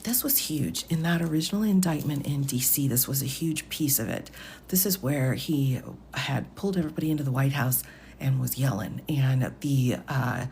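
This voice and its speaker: A woman legal commentator talking softly, half-whispering in an ASMR-style voice at home at night during a live stream. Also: rumbling low, normal speed, slight background noise. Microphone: phone.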